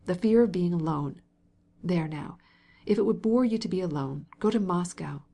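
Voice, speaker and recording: A woman's voice: on the low side, animated, moderate pace, creaky, mellow. A woman reading an audiobook, voicing a stern, grieving young husband who speaks reproachfully.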